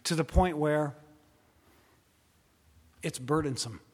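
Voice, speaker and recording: A man's voice: a little high, slow pace. Preaching man in a reverberant hall. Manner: dramatic preaching, swings from loud to hushed. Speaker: pastor. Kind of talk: sermon.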